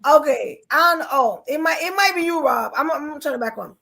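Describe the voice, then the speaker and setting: A woman's voice: sits high, fast. A woman hosting a live podcast, chatting casually in slangy talk and reading viewer messages aloud. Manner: animated, slangy, reads super chats aloud. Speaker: podcast host. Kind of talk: casual live-stream chat.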